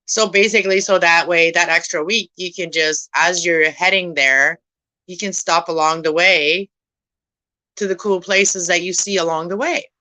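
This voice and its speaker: A woman's voice: lowish voice, steady tone, moderate pace, sharp tone, no room sound, low-quality recording. A young woman casually chatting with her viewers while she cleans at home, rambling and laughing as she goes. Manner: rambling, talks to viewers by name, laughs often. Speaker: vlogger chatting with live viewers. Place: home room at night.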